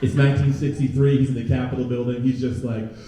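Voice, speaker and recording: A young man performing a stand-up comedy set, chatting with the crowd and jumping into loud mocking voices. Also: mid-range voice, flat delivery, fast talker. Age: young adult. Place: comedy club stage before a live audience. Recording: very echoey room, from a distance.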